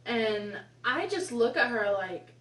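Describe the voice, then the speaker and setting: A woman's voice: on the high side, lively intonation, takes it slowly, a bit bright. A woman in her twenties telling a rambling, casual story about her past, with exasperated asides. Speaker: vlogger. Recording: echoey room, mic at a distance.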